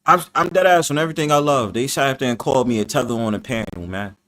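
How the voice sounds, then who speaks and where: A man's voice: mid-range voice, fast, a bit bright. A man hosting a casual panel chat, boisterous and profane, laughing often and acting out the voices he quotes. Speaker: host of a live panel stream.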